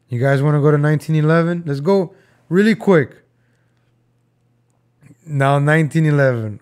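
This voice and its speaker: A man's voice: fairly high pitch, normal speed, long pauses, a little mellow, clear, resonant tone. Joking young man reacting to old footage. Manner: joking, rambling, talks to viewers as folks and guys. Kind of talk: casual reaction commentary.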